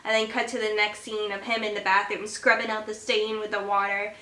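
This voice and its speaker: Woman script supervisor, casual vlog explainer; bright, slightly high voice in a roomy space. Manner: conversational, explains with examples. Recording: echoey room.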